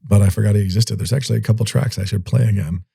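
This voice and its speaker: Playful, low-voiced man co-hosting a podcast. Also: steady tone, very fast, creaky, mellow, husky. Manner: playful, makes goofy bass sounds and laughs often. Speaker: podcast co-host. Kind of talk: casual chat.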